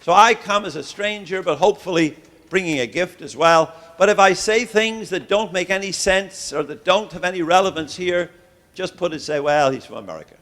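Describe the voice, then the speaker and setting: A man's voice: high voice, moderate pace, fairly bright tone. Genial Irish man lecturing. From Ireland. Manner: genial and joking, with frequent "uh" hesitations. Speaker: visiting professor giving a keynote. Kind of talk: lecture to religious educators. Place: lecture hall.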